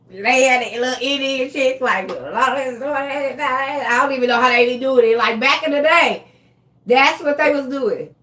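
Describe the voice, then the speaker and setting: A woman delivering a comedic monologue in a slangy, animated way, often breaking into laughter. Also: sits high, a little slow. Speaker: comedian vlogger.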